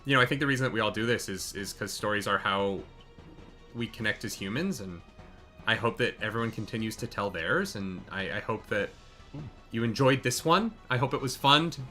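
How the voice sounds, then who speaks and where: A man narrating as game master in a live tabletop charity game, excitable and swearing freely. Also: lowish voice, brisk, faint music behind.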